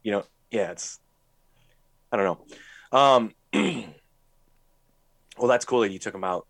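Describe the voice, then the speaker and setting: A man's voice: lowish voice, a little slow, gravelly, a bit bright, no room sound. A man co-hosting a podcast in casual chat, blunt and emphatic, swearing freely as he gives strong opinions. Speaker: podcast co-host.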